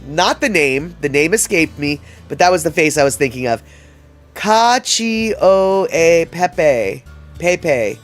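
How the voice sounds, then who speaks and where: A man's voice: fairly high pitch, expressive, a little fast, hardly any pauses, fairly bright tone, soft background music. A man hosting a livestream, chatting casually and reading out viewer comments in a rambling way, with many fillers and restarts. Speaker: livestream host.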